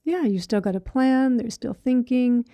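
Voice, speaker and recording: A woman's voice: on the high side, normal speed, mellow, dry recording. A middle-aged woman teaching meditation in a conversational way, often acting out inner thoughts in quotes and checking in with "right?". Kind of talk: dharma talk.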